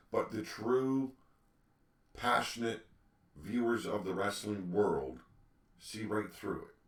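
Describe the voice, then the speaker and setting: A man's voice: sits low, fairly bright tone. A man hosting a solo opinion podcast, ranting with emphatic rhetorical questions. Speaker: podcast host. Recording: echoey room, distant mic.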